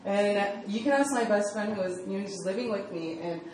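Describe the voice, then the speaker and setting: A woman's voice: medium pitch, brisk, a little mellow, distant mic. A young woman delivers a casual sermon, rambling through personal stories with plenty of fillers. Her voice sits back from the mic in a strongly echoing room. A faint hum of ambience runs underneath. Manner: chatty storytelling full of fillers. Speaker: speaker at a church youth group.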